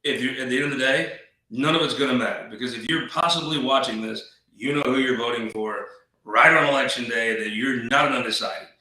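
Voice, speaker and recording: A man's voice: mid-range voice, brisk, pushed and bright, heavy reverb, recorded from a distance, rough recording. A man hosting a political talk show, rambling in a folksy, wisecracking way. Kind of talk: casual political commentary.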